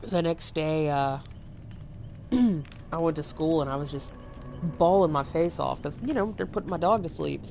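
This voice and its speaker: A woman's voice: low voice, moderate pace, darkish tone, faint music behind. A young woman from Texas hosting a livestream, telling long rambling stories with lots of fillers and swearing. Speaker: livestream host. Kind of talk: casual storytelling chat.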